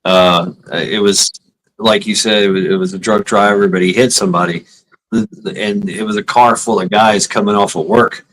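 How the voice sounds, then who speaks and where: A man's voice: lowish voice, normal speed, a little hiss or hum, low-quality recording. A man hosting a casual chat, telling stories with lots of swearing and acted quotes. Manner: profane storytelling, animated quotes. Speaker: host.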